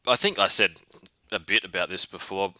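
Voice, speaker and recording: A man's voice: low-pitched, moderate pace, bright, forceful tone, no echo. A man co-hosting a sports podcast, matter-of-fact with dry remarks. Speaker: podcast co-host. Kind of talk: casual sports chat.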